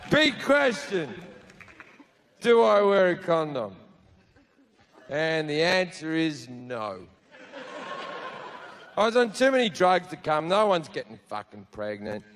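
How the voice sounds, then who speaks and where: A man's voice: a little high, big pitch swings, takes it slowly, long pauses, fairly bright tone, some chatter behind, a little hiss or hum. A man telling a stand-up comedy story to a laughing audience in a brash, profane, self-mocking way.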